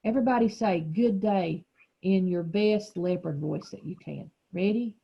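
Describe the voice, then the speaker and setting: A woman teacher walks young children through a storybook, explaining patiently and encouraging them to join in. Her voice is husky with a gravelly edge, and it is captured on a dull, lo-fi recording. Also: on the low side, normal speed. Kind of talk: reading lesson for young children.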